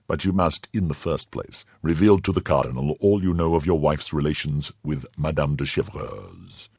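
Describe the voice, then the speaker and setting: A man's voice: extremely low pitch, vocal fry, slightly rough, no echo, clean studio sound, exaggerated voice. A man doing a cold, calculating cardinal. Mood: probing. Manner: measured, probing, quietly commanding. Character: powerful older male cardinal, cold, calculating.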